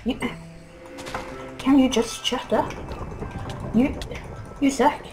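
A young woman commentating her own gameplay, frustrated and trash-talking, with excitable outbursts. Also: high voice, takes it slowly, pauses often, music in the background, poor audio. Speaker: gaming commentator.

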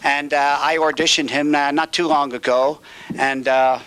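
A man's voice: a little high, steady tone, a bit bright, smooth. A male TV host chatting with guests and introducing acts, hesitating often. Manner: halting, full of filler pauses. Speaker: TV talent show host. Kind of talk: casual interviewing and introductions. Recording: noisy old TV recording.

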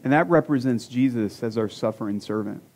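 Pastor in his forties, mid-pitched man's voice, easygoing sermon delivery with dad jokes. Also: fairly quick, a little mellow. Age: 40s. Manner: conversational, self-deprecating jokes, rhetorical questions. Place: church sanctuary.

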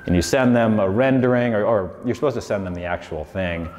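A man's voice: lowish voice, a little fast, darkish tone, a little hiss or hum. A man in his forties telling his story in a casual, rambling lecture, with lots of "like" and "you know". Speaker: designer giving a lecture. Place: lecture hall. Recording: long hall reverb.

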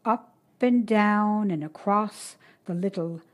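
A woman narrating a short story in a steady, measured reading voice. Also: medium pitch.

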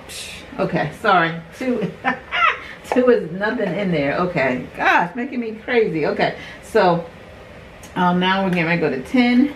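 A middle-aged woman, rambling through a chatty unboxing vlog. Her voice sits fairly low, but it leaps around a lot as she exclaims over each item. A faint room hum sits underneath. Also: low-quality recording. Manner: animated, exclaiming, quick asides. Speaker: beauty vlogger.

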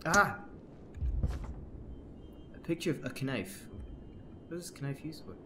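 A game streamer commentates a horror game, jumpy and nervous, shrieking and gasping when scared and rambling jokes to his viewers, his throat sore from screaming. His mid-range voice has lively intonation at a moderate pace, with background noise.

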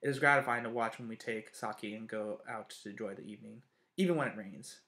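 Man reading a gentle old man over seventy. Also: fairly low pitch, brisk. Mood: kindly. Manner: easy, warm, chatty. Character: tiny gentle Japanese man in his seventies.

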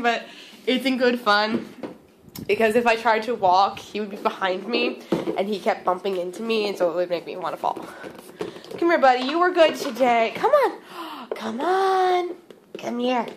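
A woman's voice: mid-range voice, noisy background. A young woman filming a casual home video, chatting and coaxing her dog along. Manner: chatty, coaxing pet talk.

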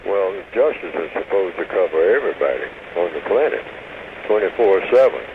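Older man, slow and deliberate, over a hissy phone line. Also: low-pitched, sing-song. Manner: slow, deliberate, defining terms carefully. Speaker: guest. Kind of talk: call-in radio interview.

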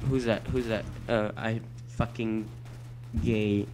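A man giving let's play commentary at his computer, excitable and quick to shout and swear at the game. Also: lowish voice, background noise. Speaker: gameplay commentator.

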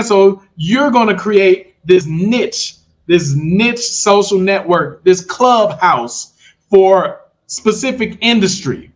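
A man coaching viewers in a casual, animated talk, often checking they follow along. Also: high-pitched. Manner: animated, talks straight to viewers with repeated check-ins. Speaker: online business coach. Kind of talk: casual livestream pitch.

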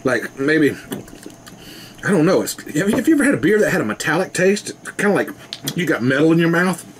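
A man's voice: on the high side, sing-song, brisk, a little hiss or hum. A man rambling casually to his camera at home, laughing often. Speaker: vlogger. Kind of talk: casual rambling video chat.

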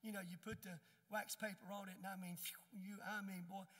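A man's voice: sits high, level tone, fairly quick, fairly bright tone. An older man preaching a sermon in a church, emphatic and folksy as he tells stories. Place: church sanctuary. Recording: long church reverb.

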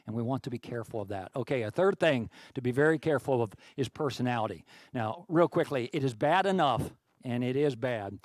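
Conversational pastor with a dry sound. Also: male voice, mid-range voice, no room sound. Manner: conversational, full of restarts, rising to emphatic peaks. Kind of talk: sermon.

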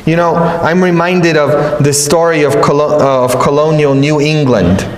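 A man preaching a sermon as a priest, telling stories with joking asides in a slow homily style. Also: fairly high pitch. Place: large church. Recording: echoey church from a distance.

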